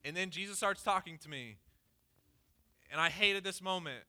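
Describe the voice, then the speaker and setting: A pastor giving a conversational sermon, candidly telling a personal story with lots of "like" fillers. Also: male voice, high voice, normal speed, pushed and bright. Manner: casual and candid, peppered with "like".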